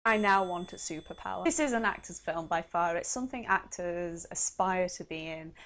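A young woman giving quick, chatty movie reviews with a sarcastic edge and frequent laughs. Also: fairly low pitch, lively intonation, fairly bright tone. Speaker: film reviewer. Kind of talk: casual movie review vlog.

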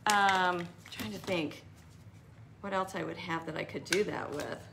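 A woman's voice: lowish voice, steady tone, measured pace, gravelly, noisy background. Chatty woman hosting a craft stream. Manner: chatty and rambling, answers viewer comments by name. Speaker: craft tutorial host.

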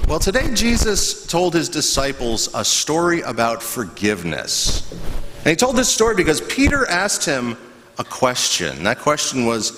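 A man, a pastor, giving a children's sermon in a church, telling a story with animated voices and asking the kids questions. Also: on the high side, moderate pace, a little hiss or hum. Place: church sanctuary. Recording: echoey church hall, faint ambience.

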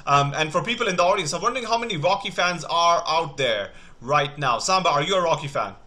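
Man host, bright voice, warmly enthusiastic interviewer. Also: on the high side, expressive, brisk. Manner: enthusiastic, praising. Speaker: podcast host.

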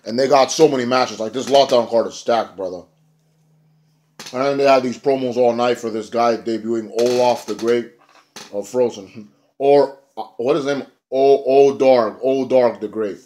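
A man giving a casual, rambling review of a wrestling show, excitable and profane. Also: mid-range voice, moderate pace, a little hiss or hum.

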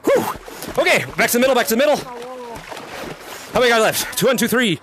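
A bright, very high-voiced young man calls out a VR game live, his pitch bouncing all over. He yells quick repeated calls and laughs constantly, a bit sweaty from moving around. A faint hiss of noise sits under the voice. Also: animated. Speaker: VR game streamer hosting fan lobbies. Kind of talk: excited live gameplay commentary. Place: indoors, playing in VR.

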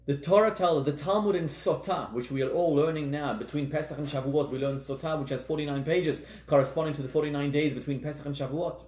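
Man, rabbi giving a lecture, earnest and emphatic, voice on the high side, recorded in a reverberant room. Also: fast talker, hardly any pauses, a little mellow. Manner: earnest, repeats words for emphasis. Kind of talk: lecture on Jewish teachings. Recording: echoey room.

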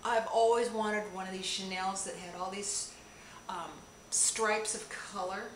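A woman's voice: medium pitch, fairly even intonation, measured pace. A woman unboxing a gift package on camera, gushing and gasping with delight at each item. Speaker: beauty vlogger. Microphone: camera on a tripod. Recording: echoey room, audible noise.

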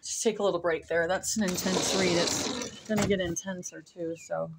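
A woman's voice: lowish voice, fairly even intonation, moderate pace, vocal fry, heavy background noise. A woman vlogging from home, reading a column aloud and breaking into rambling asides and comments to her pets. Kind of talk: casual reading with off-the-cuff commentary.

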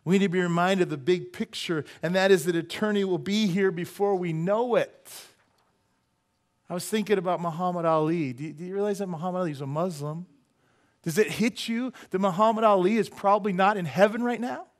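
A male pastor preaching a sermon in a church, animated and joking, asking the congregation rhetorical questions. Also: high voice, fairly quick. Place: church sanctuary.

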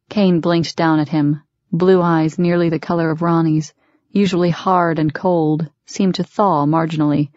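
Low, steady woman narrating a book. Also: unhurried, no echo, dull audio. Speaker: audiobook narrator. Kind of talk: scripted audiobook narration.

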